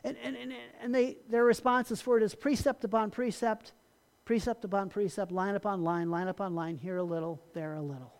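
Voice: mid-range voice, fairly even intonation, fairly quick. A pastor preaching a sermon in a conversational way, often restarting phrases and acting out short bits of dialogue. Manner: acts out dismissive replies in dialogue.

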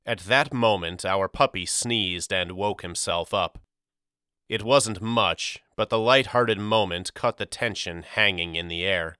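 A man narrating an audiobook in a measured, deliberate storytelling manner. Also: low-pitched, sharp tone, smooth, no room sound, clean studio sound. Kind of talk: scripted narration.

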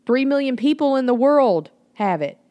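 A woman's voice: sits high, lively intonation, moderate pace, warm tone, no room sound. A woman in her thirties hosting a podcast, talking in a blunt, emphatic way with plenty of swearing, on a home mic that picks up the room. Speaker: podcast host. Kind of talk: casual spoken monologue.

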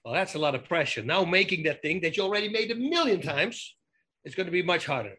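A man with a fairly high, forceful and bright voice chats as an interview guest. He tells anecdotes with plenty of restarts and emphatic asides, in a relaxed, conversational way. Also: fast, breathy edge. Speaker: guest, former fighter turned actor. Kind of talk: casual storytelling interview.

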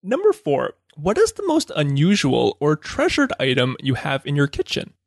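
A man hosting a podcast, cheerful and encouraging as he puts questions to his guest. His voice sits a little high and swings lively up and down. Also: normal speed, vocal fry. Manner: upbeat and encouraging. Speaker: podcast host.

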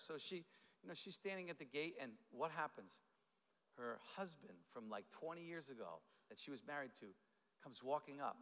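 A man preaching a sermon as pastor, telling stories in an animated way with lots of fillers and restarts. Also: a little high, fairly quick, big-room sound. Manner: animated storytelling with fillers and repeated starts.

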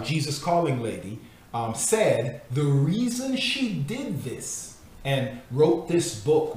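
A man giving an earnest teaching talk, stressing his points by slowing down and reading passages aloud. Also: medium pitch, a little mellow, a little hiss or hum. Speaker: Christian teacher critiquing a devotional. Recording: very echoey room.

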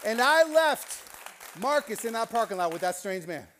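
A middle-aged man preaching with a lively, swinging pitch. His voice jumps up and down as he acts out the people in his story. He is a pastor at the pulpit, animated and expressive. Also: a little slow, some chatter behind, a little hiss or hum. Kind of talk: sermon with storytelling.

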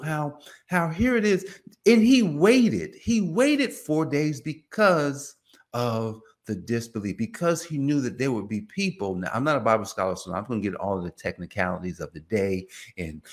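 A man giving an informal, conversational sermon, acting out biblical dialogue in voices. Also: mid-range voice. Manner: animated, acts out biblical dialogue in character voices; conversational, many fillers like "you know" and "man". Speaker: preacher.

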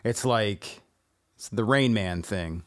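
A man co-hosting a podcast in casual chat, laid-back and teasing, calmly talking his friend down. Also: on the low side, slow pace. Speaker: podcast co-host.

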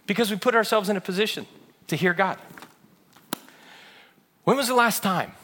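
Bright-voiced pastor preaching with animation. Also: male voice, high voice, normal speed, slight background noise. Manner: animated storytelling, acts out voices of others. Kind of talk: sermon.

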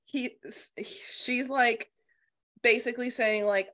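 Woman, podcast co-host, bright forceful voice, casual book chat, animated, swearing, lots of "like". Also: medium pitch, normal speed. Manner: animated retelling, swears freely, filler 'like'.

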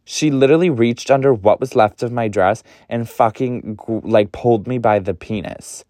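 A young man hosting a podcast, telling a story casually in an animated, gossipy way, swearing a lot and often jumping up in pitch. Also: normal speed, no echo. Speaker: podcast host.

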